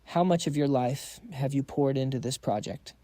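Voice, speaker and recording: A man's voice: mid-range voice, moderate pace, warm tone, no echo, natural voice. A man voicing a stern older institute director who scolds his researcher.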